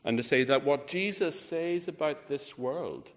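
A man preaching a sermon, emphatic, rising on key words and falling low and quiet at the ends of phrases. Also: a little slow. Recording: reverberant hall.

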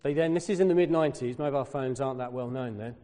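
A man's voice: mid-range voice, quick pace, long reverb tail. A man preaching a sermon, telling a personal story and acting out the people in it. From Britain. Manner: storytelling, animated when quoting others.

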